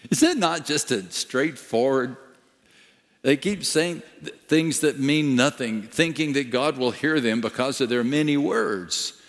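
A male pastor preaching a sermon slowly and emphatically, dropping to a hush at times. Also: mid-range voice. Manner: slow, emphatic preaching with dramatic dips to a hush. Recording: long reverb of a large hall.

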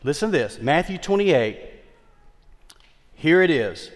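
A male pastor preaching a sermon with emphatic delivery and wide swings in pitch and loudness. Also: very animated, measured pace. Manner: emphatic preaching, repeats key phrases, dynamic swings in pitch and volume. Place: large church worship center. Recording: long hall reverb.

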